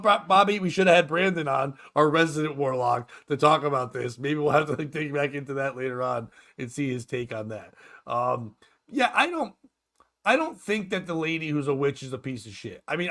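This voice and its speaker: A man hosting a morning comedy stream, ranting crudely and mockingly, often laughing. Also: fairly high pitch. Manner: loud, mocking, quick to laugh. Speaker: podcast host.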